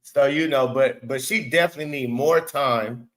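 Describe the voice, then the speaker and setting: A man's voice: medium pitch, moderate pace, a bit bright, rough recording. A man hosting his own show, giving casual basketball commentary in blunt, profane, exasperated rants and repeating words for emphasis. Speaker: sports show host.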